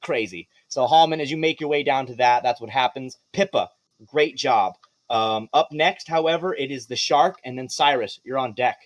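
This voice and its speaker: A man running a live tabletop game as game master, narrating with animated energy, swearing and laughing. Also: medium pitch, moderate pace.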